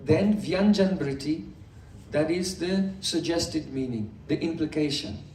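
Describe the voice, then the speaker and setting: Man, spiritual teacher, patient explanations, gentle humor, reverberant room. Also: fairly high pitch, measured pace, slight background noise. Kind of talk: morning scripture class. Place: indoor hall with a live audience. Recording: echoey room, distant mic.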